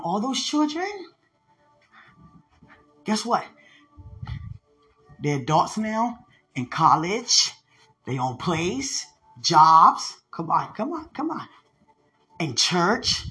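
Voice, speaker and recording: Excitable, laughing evangelist podcaster. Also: medium pitch. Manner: excitable, laughs often, repeats phrases; uses slang and street talk. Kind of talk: excited preaching testimony.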